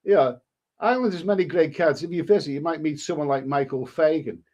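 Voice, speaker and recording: Guy on a live stream, fairly high voice, chatty, reads a story out and keeps stopping to answer chat. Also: a little fast, darkish tone. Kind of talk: casual reading aloud to a live chat.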